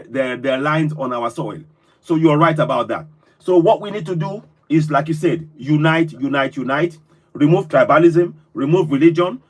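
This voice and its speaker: A man hosting a live call-in stream, effusive and full of repeated thanks. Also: fairly high pitch. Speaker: host.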